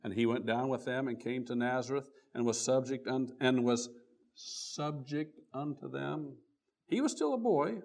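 A man preaching a sermon, reading old-style scripture aloud and stopping often to restart, his voice swelling on key words and then dropping low and quiet. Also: measured pace, creaky. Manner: reads scripture aloud in King James wording with frequent restarts.

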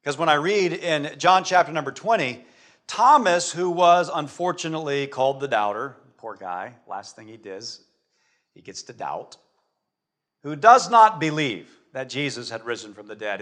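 A man preaching with a voice pitched a little high for a man. He tells the stories with animation, rising to loud passages and then dropping almost to a murmur. He sounds like a pastor delivering a sermon to his congregation. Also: moderate pace. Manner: animated storytelling, swinging from loud to hushed.

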